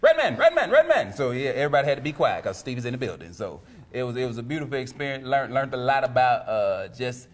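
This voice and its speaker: A man's voice: medium pitch, fast. A middle-aged man, a stand-up comedian, chatting casually as a guest and laughing through his stories. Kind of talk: casual interview chat.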